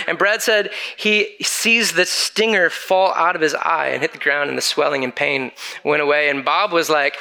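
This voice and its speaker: Bright-voiced man telling a sermon story. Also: a little high, moderate pace. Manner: animated storyteller acting out quoted voices. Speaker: preacher.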